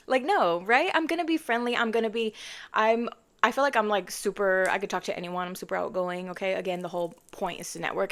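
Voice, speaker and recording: A young woman telling a casual story for her channel, chatty and animated, with lots of fillers and asides, acting out what people said in her own voice. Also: medium pitch. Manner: acts out quoted lines in her own voice. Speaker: car content creator telling a story.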